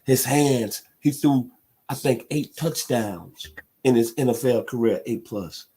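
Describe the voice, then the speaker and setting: Here a middle-aged sports radio host from Memphis, Tennessee, launches into a heated, emphatic monologue that swells into loud bursts. His voice is husky and medium-pitched, and he takes his time.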